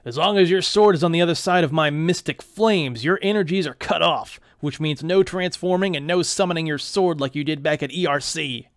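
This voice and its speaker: A gloating fire demon taunts at full volume, as a man reads him aloud from a comic. The voice sits a little high and projects hard. The sound is dry and close. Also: fairly quick, hardly any pauses, no echo, close to an everyday voice. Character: menacing male demon wielding mystic flames.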